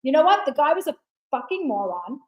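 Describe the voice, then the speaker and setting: Loud sweary high-pitched woman telling a story on a talk show. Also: very animated, fairly quick, rough recording. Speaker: guest. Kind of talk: animated casual chat.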